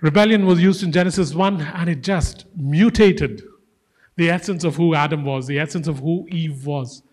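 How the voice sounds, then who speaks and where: A man's voice: on the high side, moderate pace. A man preaching a casual, joking sermon to a congregation, acting out voices as he tells stories. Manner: joking, animated, acts out voices. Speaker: guest preacher.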